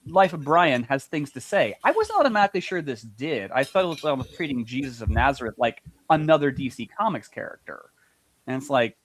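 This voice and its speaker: A man's voice: medium pitch, sing-song, a little fast, no room sound. A man co-hosting a casual comics panel chat, stumbling through many restarts and repeated words. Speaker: podcast co-host.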